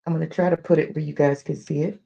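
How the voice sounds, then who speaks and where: American woman, stream host, chatty anecdotal storyteller, gravelly, muffled lo-fi audio. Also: sits low, fast talker. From United States. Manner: chatty, digressive, animated storyteller. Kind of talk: casual storytelling on a live stream.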